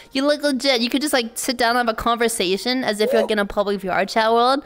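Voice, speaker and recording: A high-pitched woman hosts a casual live stream, chatting straight to her viewers. She is excitable and laughs often, with mock-exasperated outbursts at her chat. Faint music plays underneath. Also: a little fast. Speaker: VTuber streamer.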